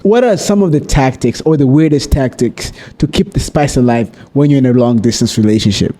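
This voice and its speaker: A man's voice: medium pitch, fairly quick, warm tone. A man hosting a podcast, asking curious questions in casual banter. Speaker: podcast host.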